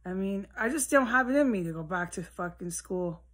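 A woman's voice: medium pitch, lively intonation, brisk, fairly bright tone. Woman, solo vlog monologue, at home indoors, rambling, profane, mutters then flares up. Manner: rambling and profane, drifting between muttering and heated outbursts. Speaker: vlogger. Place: at home, indoors with a window open.

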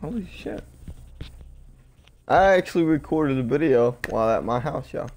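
A man streaming a shooter game, giving excitable commentary, swearing and yelling at teammates. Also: mid-range voice, fairly quick. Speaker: gaming streamer. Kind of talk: casual gameplay commentary.

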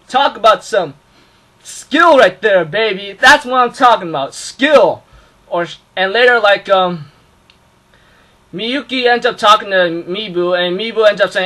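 An excitable man rushes through an anime recap, piling on fillers and yelling sound effects. His voice sits high and bright, with a sharp, forceful edge. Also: poor audio. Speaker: anime reviewer.

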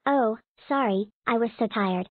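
A man's voice: extremely high pitch, a little slow, dry recording, phone-quality sound, pitched above the performer's own voice. A man voicing a sleepy, bashful cartoon logo letter in a raised, sheepish voice.

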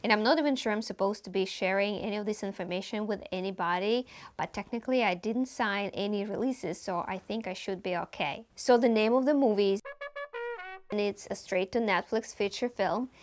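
A woman's voice: mid-range voice, brisk. A young woman with a Russian accent, a native Russian speaker, chatting to camera in a casual vlog in an upbeat, confiding way. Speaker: vlogger and actor.

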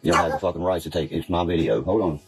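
A man's voice: sits low, fairly even intonation, very fast. A man on a casual livestream, rambling and swearing, who keeps asking "you see what I mean". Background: background music.

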